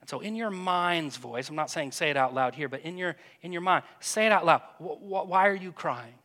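A man guides a congregation through a quiet prayer meditation, speaking gently and often stumbling over and repeating his words. His voice is bright and slightly high for a man, carried by the long reverb of a church hall. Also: animated, normal speed. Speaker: pastor.

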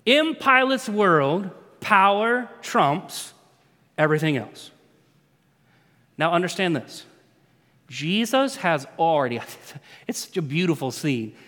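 A man preaching a sermon to a congregation, telling the story with animated swings between hushed, low passages and emphatic outbursts. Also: takes it slowly, long reverb tail.

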